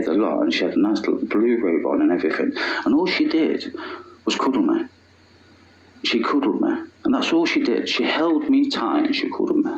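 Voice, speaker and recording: Bloke rambling through a personal story, emotional, slips into whispers, echoey room, dull lo-fi sound. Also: male voice, medium pitch, a little hiss or hum. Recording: roomy, dull lo-fi recording.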